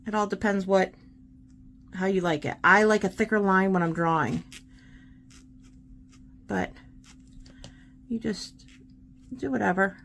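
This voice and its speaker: A woman's voice: mid-range voice, measured pace, creaky, long pauses, a bit bright, slight background noise. A woman hosting a casual art tutorial, chatting and encouraging while she demonstrates paint pens.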